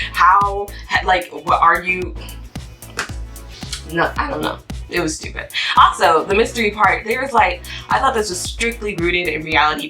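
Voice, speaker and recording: Exasperated woman ranting, bright and a little distant. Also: lowish voice. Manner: animated, exasperated, slangy. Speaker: book reviewer. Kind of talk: ranting book review vlog.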